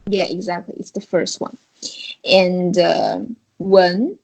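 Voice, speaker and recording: A woman's voice: on the low side, expressive, measured pace, vocal fry, a little mellow, low-quality recording. A woman with a Chinese accent teaching a beginner Chinese tones in an online lesson, explaining patiently step by step. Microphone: video call.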